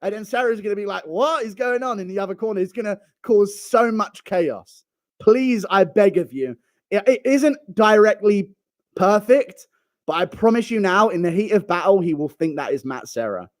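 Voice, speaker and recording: A man's voice: high-pitched, lively intonation, moderate pace, dry recording, clean studio sound. A young man streaming, ranting in a casual, profane, rambling way.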